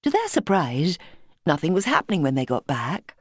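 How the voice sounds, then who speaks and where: Low-voiced woman audiobook narrator. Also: huge pitch swings, moderate pace, breathy edge, no echo, studio quality. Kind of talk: scripted narration.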